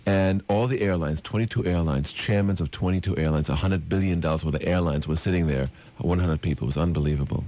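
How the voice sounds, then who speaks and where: A man with a low voice, guesting on a radio show as an artist. He chats casually and enthusiastically, rambling a little and repeating his phrases as he goes. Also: quick pace, few pauses, dark tone. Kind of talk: casual on-air chat.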